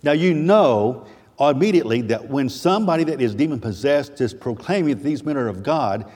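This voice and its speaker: Male preacher, 50s, folksy and chatty, husky voice, church reverb. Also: medium pitch, lively intonation, a little fast, a little mellow. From Missouri, USA. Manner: folksy, chatty asides with self-deprecating humor. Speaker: guest preacher and history teacher. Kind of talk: sermon. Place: church sanctuary.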